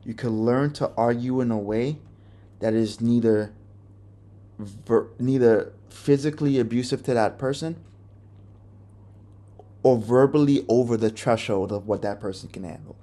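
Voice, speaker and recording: A man's voice: mid-range voice, unhurried, pauses often, dark tone. A young man hosting a podcast, telling a personal story in a candid, profane, rambling way with many restarts. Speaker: podcast host.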